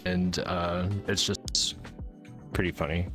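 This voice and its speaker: A man's voice: sits low, little pitch movement, takes it slowly, music in the background. A man joining casual chat from the side, laid-back with dry jokes.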